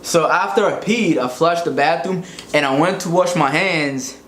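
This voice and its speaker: A man from Africa telling comedic stories in an animated, slangy, profane way. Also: on the high side, moderate pace. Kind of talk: casual comedic storytelling. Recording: echoey room, faint noise.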